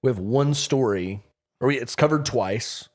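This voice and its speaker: A man, a pastor, in casual chat about a sermon, chatty and self-mocking, quick to laugh. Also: mid-range voice. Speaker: pastor, podcast co-host.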